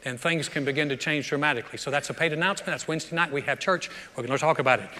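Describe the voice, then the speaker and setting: Bright-voiced pastor preaching in a reverberant hall. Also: male voice, fairly high pitch, very fast. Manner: conversational preaching with frequent word repeats. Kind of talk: sermon. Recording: long reverb of a large hall.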